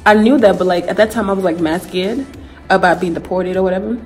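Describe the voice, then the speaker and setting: A young Ghanaian woman vlogs a casual storytime, talking fast and animatedly, her retelling full of "like" and slang. Her voice is medium-pitched, and the recording is low quality.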